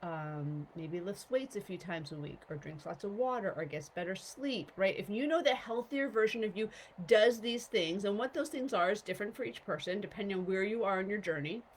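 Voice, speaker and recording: A woman's voice: mid-range voice, expressive, a little fast, few pauses, a little hiss or hum, rough recording. A woman coach giving a casual motivational talk to viewers, often stopping to ask "okay?" and "right?".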